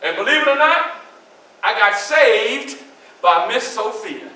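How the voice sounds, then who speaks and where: A man's voice: very high voice, animated, a little slow, sharp tone, full character voice. A man performing as Frederick Douglass in a one-man historical storytelling show, dramatically addressing the audience in a library room. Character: Frederick Douglass, man recounting his enslavement. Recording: echoey room from far off.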